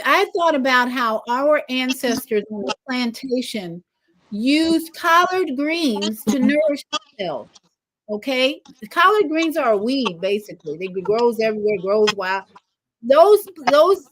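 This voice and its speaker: A woman hosting a casual livestream talk show, animated, acting out greetings she gives strangers. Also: rough recording. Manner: animated, acts out greetings in a lively higher voice.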